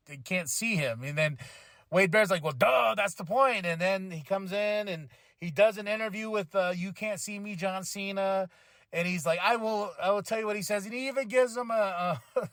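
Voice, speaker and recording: Man, high voice, tired, rambling podcast recap, laughs a lot, dry close sound. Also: fairly bright tone, dry recording. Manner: rambling, laughs often, paraphrases wrestlers in quick asides. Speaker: podcast host. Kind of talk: casual wrestling recap.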